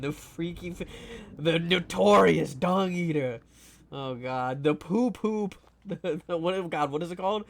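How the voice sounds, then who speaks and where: A man's voice: a little high, a little hiss or hum. A man streaming a game live, chatting casually in a rambling, profane, teasing way full of fillers. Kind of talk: casual live gameplay chat.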